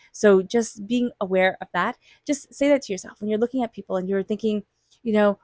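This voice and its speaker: Tarot reader, a woman, mid-pitched voice and a chatty delivery, dry close recording. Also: brisk, darkish tone, dry recording. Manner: chatty, acts out quoted thoughts. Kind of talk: weekly tarot reading.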